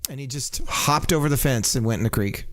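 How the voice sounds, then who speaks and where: A man's voice: medium pitch, a little fast. A young man streaming live, chatting casually and rambling with lots of fillers and frequent laughs.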